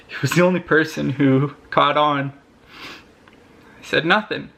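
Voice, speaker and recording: A young man speaks to camera in a personal vlog. His voice sits a little high and has a gravelly fry. He talks earnestly and haltingly, often breaking off and restarting his sentences. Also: steady tone, bright, forceful tone. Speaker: vlogger.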